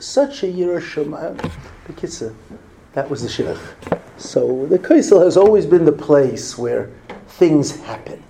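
A man's voice: mid-range voice, gravelly, warm tone, slight background noise. A man giving a folksy storytelling talk to a visiting group, sprinkled with Yiddish and Hebrew words. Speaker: rabbi speaking to a visiting group.

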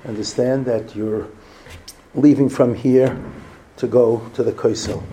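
A man's voice: mid-range voice, steady tone, a little slow, dark tone, a little hiss or hum. A man giving a folksy storytelling talk to a visiting group, sprinkled with Yiddish and Hebrew words. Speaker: rabbi speaking to a visiting group.

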